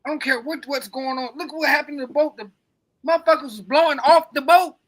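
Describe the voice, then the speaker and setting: A man's voice: very high-pitched, brisk, a bit bright. A man co-hosting a podcast, rambling in casual, profane, emphatic chat. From coastal United States. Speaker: podcast co-host.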